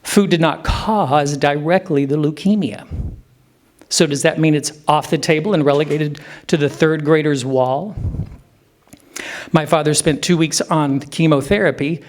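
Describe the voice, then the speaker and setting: A man in his fifties, a clinician giving a conference presentation in a hotel room, speaking emphatically and slowing down for effect. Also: on the high side. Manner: animated, emphatic, slows down for effect.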